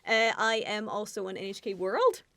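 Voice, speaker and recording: A woman's voice: mid-range voice, lively intonation, moderate pace, bright, forceful tone, dry recording. A woman co-hosting a casual podcast chat, bubbly and giggly as she talks about her presenting work.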